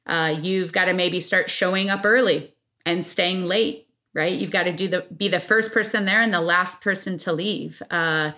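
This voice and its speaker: A woman co-hosts a relaxed podcast conversation in a slightly low voice. She speaks earnestly and leans on key words for emphasis. Her talk is loose and conversational, full of fillers and restarts. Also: normal speed. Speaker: podcast co-host. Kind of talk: casual podcast chat about parenting.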